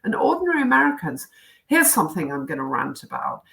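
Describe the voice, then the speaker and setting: A woman's voice: mid-range voice, very animated, quick pace, creaky, fairly bright tone, rough recording. A British woman, a former diplomat, giving emphatic, indignant political commentary and listing her points one by one. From United Kingdom.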